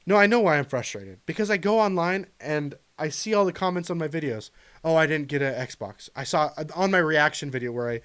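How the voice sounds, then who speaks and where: A man's voice: on the high side, fairly quick, fairly bright tone, clean tone. A man, a gaming commentator ranting to camera in a frustrated, earnest and pleading way. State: choked up near the end. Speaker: gaming YouTuber.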